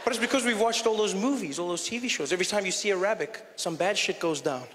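High-voiced animated stand-up comedian. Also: male voice, fast talker, slight background noise. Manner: animated, switches between voices. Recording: reverberant live venue with faint ambience.

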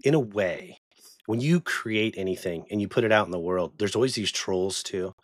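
A man's voice: fairly low pitch, no echo, studio quality. A man in his forties hosting a podcast from a small sound closet at home, chatting casually and praising his guest with enthusiasm. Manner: enthusiastic, quick to praise and laugh. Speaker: podcast host. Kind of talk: casual interview chat.

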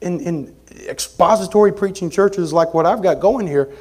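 A man preaching an expository sermon as pastor, conversational, moving between forceful emphasis and quiet asides. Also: sits high, moderate pace. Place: church sanctuary.

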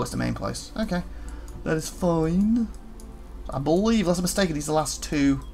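A let's play gamer giving casual gameplay commentary, chatting to the game's characters and breaking into quick excited outbursts. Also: mid-range voice, vocal fry.

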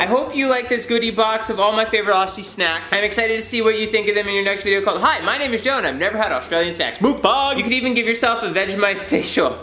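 A man hosting a casual vlog, teasing his friends and excitedly opening fan mail. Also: high-pitched. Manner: playful, teasing, excitable while unboxing. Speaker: vlogger host. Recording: echoey room.

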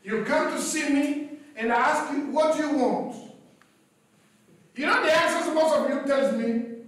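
A man's voice: extremely high pitch, a little slow, a bit bright. A man pastor preaching a sermon emphatically, calling for responses from the congregation. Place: church hall. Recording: echoey church hall, distant mic.

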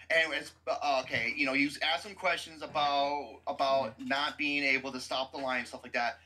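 A man hosting a podcast, ranting about football in a loud, cursing, mocking way. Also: on the high side, moderate pace. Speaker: podcast host. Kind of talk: profane sports rant.

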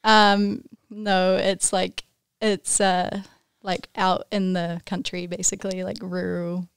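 Young New Zealand woman, podcast guest, gravelly edge, casual and halting. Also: medium pitch, level tone, dry recording, clean studio sound. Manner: explains in loose, hesitant phrases full of "like". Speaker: guest, competitive snowboarder.

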